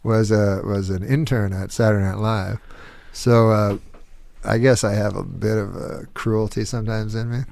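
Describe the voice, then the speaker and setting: Gravelly man telling rambling stories. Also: fairly low pitch, steady tone, moderate pace, a little mellow. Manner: rambling, laughs at his own stories. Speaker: guest comedian. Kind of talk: casual storytelling chat.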